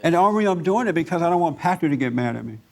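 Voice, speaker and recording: A man leads a group discussion in the manner of a preacher, pressing his points hard and repeating them for emphasis. His voice sits a bit higher than most men's. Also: lively intonation, racing, vocal fry. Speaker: host.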